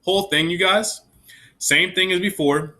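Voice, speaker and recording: A man's voice: sits high, fairly even intonation, a little slow, bright, forceful tone. A man teaching young children a recorder lesson, patient and encouraging, counting the beats aloud with them. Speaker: elementary music teacher. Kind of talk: recorded online music lesson.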